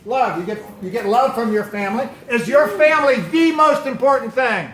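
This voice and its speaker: A man with a high, light voice speaks as a pastor, quizzing his young listeners and repeating their answers back to them. He sounds like he is in a big echoey room. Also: normal speed, a bit bright. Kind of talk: talk to a youth football team.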